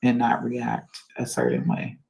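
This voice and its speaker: A woman's voice: extremely low pitch, big pitch swings, a little slow, gravelly, darkish tone, rough recording. A woman on a livestream venting her annoyance to viewers and reading chat comments aloud. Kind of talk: casual venting to a live chat.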